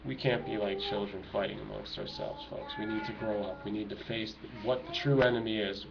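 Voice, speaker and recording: Music plays behind a fairly low, steady voice with vocal fry that moves fairly quickly. It belongs to a middle-aged activist vlogger preaching passionately and urgently to his viewers from home, children nearby. The recording is a dull, noisy lo-fi home setup.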